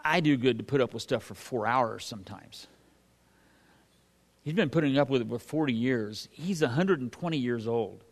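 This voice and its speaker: A man's voice: mid-range voice, expressive, normal speed. A man teaching from the Bible in a folksy, conversational sermon, reading scripture and then commenting on it with frequent fillers and restarts. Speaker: pastor.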